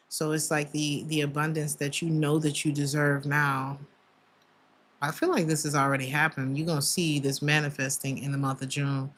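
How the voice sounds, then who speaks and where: Low-pitched woman, warm chatty tarot reading, emotional asides. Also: level tone, moderate pace. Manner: emotional, chatty, many fillers and laughs. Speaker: tarot reader.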